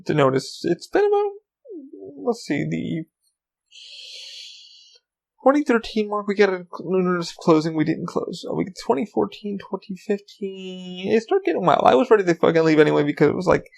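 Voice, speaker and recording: Gravelly man rambling on a podcast. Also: high-pitched, big pitch swings, moderate pace, darkish tone, poor audio. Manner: rambling, swears freely, frequent ums. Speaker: podcast host. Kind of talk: casual solo podcast chat.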